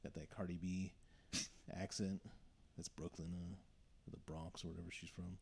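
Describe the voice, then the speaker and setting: A man hosting a casual podcast chat, joking, blunt and quick to laugh. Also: low-pitched, level tone, gravelly, dark tone, breathy edge.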